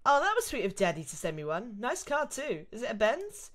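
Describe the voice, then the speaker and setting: A woman's voice: fairly high pitch, huge pitch swings, a little fast, pitched above the performer's own voice. A British woman reading as a sassy college girl. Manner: exasperated, chatty. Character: young female college student, president's daughter, sassy. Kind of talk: reading a visual novel aloud.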